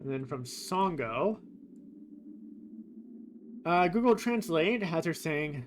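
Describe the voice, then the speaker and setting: A man's voice: a little high, expressive, slow, long pauses, slight background noise. A man streaming a game who compares translations in casual commentary, rambling with many fillers.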